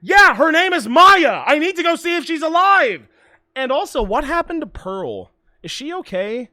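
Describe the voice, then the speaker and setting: A young man streaming a video game, excitable and ranting, swearing freely and often shouting at the story. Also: extremely high pitch, moderate pace, no room sound. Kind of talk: let's play commentary.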